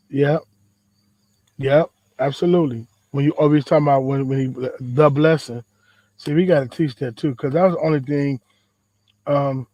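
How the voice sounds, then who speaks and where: A man's voice: medium pitch, dark tone, no room sound. A man hosting a podcast, giving a loose, conversational faith talk outdoors in a backyard, full of slang and repeated phrases. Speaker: podcast host.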